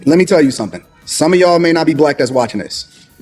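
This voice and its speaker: A man in his forties telling a story in an animated way, loudly acting out what people said. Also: fairly high pitch, soft background music. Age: 40s. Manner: rapid, acts out quoted dialogue loudly. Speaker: podcast storyteller.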